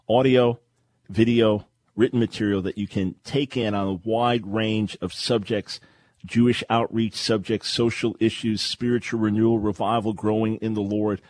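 A man's voice: lowish voice, darkish tone, no echo. A man hosting a radio show and teaching from the Bible in an emphatic, preacherly way, repeating his key phrases.

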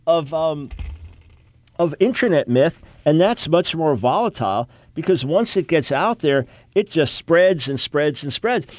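Man, scholarly explainer, emphatic, slightly high voice, dry recording. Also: a little mellow, no room sound. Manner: emphatic, quick asides with mocking quoted objections. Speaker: Bible scholar. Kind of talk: lecture-style talk.

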